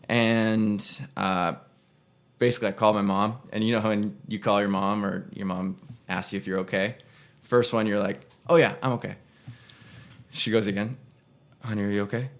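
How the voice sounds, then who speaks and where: A man's voice: lowish voice, creaky, a bit bright. A young man, an actor, casually telling a personal story on a podcast and rambling with frequent self-corrections. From Canada. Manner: rambling, self-correcting, acts out voices in quotes.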